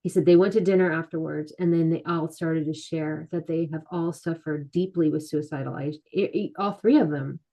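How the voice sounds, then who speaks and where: A middle-aged woman, a guest author, telling her personal story candidly in an interview, soft-spoken and halting, often acting out what others said. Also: deep voice, fairly even intonation. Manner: soft-spoken, halting, many restarts and quoted asides. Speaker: guest, author and mental health advocate.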